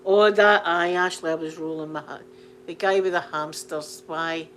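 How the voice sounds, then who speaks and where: A Scottish woman telling funny stories in an animated, repetitive way, laughing along as she talks. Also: lowish voice, normal speed, a little hiss or hum. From Scotland. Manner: animated, laughing, repeats phrases for comic effect. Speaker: channel host. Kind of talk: casual storytelling chat.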